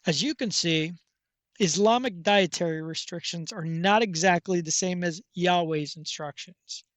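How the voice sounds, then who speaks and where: A man giving scripted documentary narration in a measured, even reading. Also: high-pitched, no room sound.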